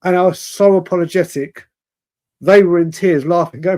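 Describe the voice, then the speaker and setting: A man in his forties with a high-pitched voice tells a story in loose, casual chat. He rambles, corrects himself often, and stays animated throughout. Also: moderate pace. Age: 40s. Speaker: fan show guest.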